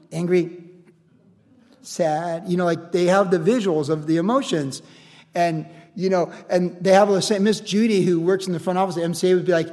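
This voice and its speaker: High-voiced guy preaching a sermon, animated and chatty, echo trailing off like a big hall. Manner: animated, acts out quoted voices, laughs often. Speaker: pastor.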